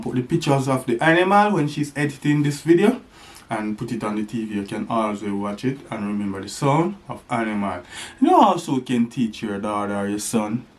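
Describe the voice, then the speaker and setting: Lively dad, sing-song. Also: male voice, medium pitch. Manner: sing-song talk to a toddler with animal sounds. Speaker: father teaching his baby. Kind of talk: playful home vlog.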